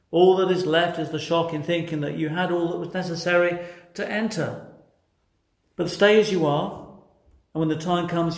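Guy preaching, slow and emphatic, bit high voice, roomy echo. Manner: earnest, slow and emphatic, with rhetorical questions. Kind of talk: sermon. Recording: echoey room.

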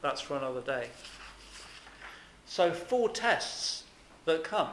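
A man preaching a sermon, earnest and emphatic, pressing his points with rhetorical questions. His voice sits a little higher than most men's. The sound carries a noticeable echo, as if from a church or hall. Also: sing-song, takes it slowly, a little hiss or hum. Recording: echoey room.

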